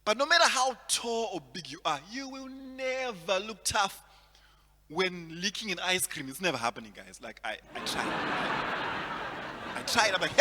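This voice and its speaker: A man performs stand-up comedy in a high, bright, very lively voice, stumbling over repeated words and chuckling at his jokes. His voice rings with a long reverb over a faint hum. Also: a little slow. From Zimbabwe. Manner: animated, repeats words, laughs at own jokes.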